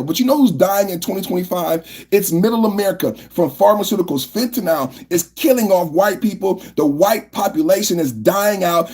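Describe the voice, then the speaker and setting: A man's voice: high voice, darkish tone, breathy edge. A male podcast host doing political commentary, firing off repeated rhetorical questions and often asking viewers to like the video. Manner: repetitive, fired-up rhetorical questions.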